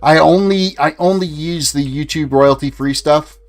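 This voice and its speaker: A man's voice: fairly high pitch, moderate pace. A man in his forties from Canada, chatting casually through his gameplay livestream and answering his chat as he plays. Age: 40s. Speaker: gaming livestreamer. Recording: faint music behind.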